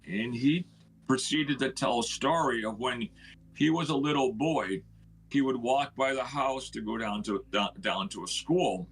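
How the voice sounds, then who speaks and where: Man, middle-aged, husky voice, earnest storytelling, voices the people he quotes. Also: medium pitch, measured pace, fairly bright tone, low-quality recording. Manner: earnest storyteller who acts out quoted speech. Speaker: house owner telling its history. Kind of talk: storytelling on a live stream.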